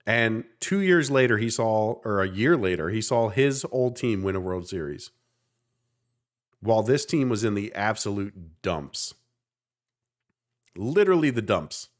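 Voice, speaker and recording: A man, co-hosting a podcast in casual chat, earnest and animated. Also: on the low side, unhurried. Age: 30s. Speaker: podcast co-host.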